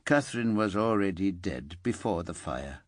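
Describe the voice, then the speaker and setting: A man playing a weary police inspector who speaks in a measured, subdued way, in an audiobook. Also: sits low, animated, no room sound, studio quality. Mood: subdued gentle. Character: weary male police inspector, careful and gentle.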